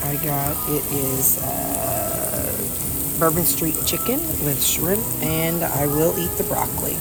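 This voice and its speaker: A woman's voice: on the low side, a bit bright, reverberant, distant mic, slight background noise. A woman with a Southern US accent chatting casually to her followers, folksy, joking and rambling as she talks. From Missouri. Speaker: weight-loss vlogger. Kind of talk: casual chat to camera.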